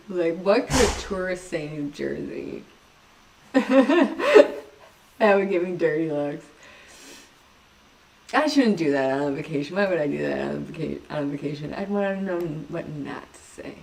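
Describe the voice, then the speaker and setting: A woman's voice: deep voice, expressive, brisk, gravelly, darkish tone, recorded from a distance. A woman hosting a casual livestream chat, rambling from topic to topic, giggling often and poking fun at herself. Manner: giggly, rambling, self-mocking. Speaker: livestream host.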